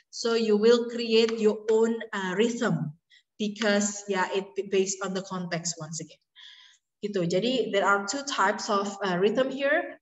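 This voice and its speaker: A woman with an Indonesian accent giving a university lecture, mixing English with Indonesian and pausing often on fillers. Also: medium pitch. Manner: switches between English and Indonesian, many fillers. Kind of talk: online lecture. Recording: distant mic with long reverb.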